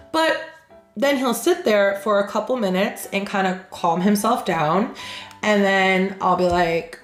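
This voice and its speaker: A woman hosting a reaction channel who reads aloud and tells stories casually, frank and animated, acting out the people she quotes. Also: on the high side, moderate pace. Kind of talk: reading aloud then casual storytelling. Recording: echoey room with faint music.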